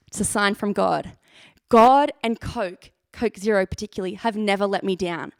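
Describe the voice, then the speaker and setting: A woman's voice: on the high side, brisk, no echo, clean studio sound. A young woman, a youth leader, telling a chatty, self-mocking story on a live stream, full of "like".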